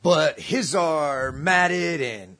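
A man's voice: fairly high pitch, expressive, very slow, bright, forceful tone. A man telling a long, profane, slangy story in casual chat, acting out the voices of the people in it.

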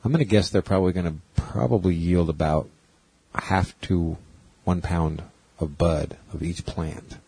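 A man's voice: low voice, steady tone, a little slow, gravelly, warm tone, slightly rough, no echo, poor audio. A man in casual chat, joking and laid-back as he banters.

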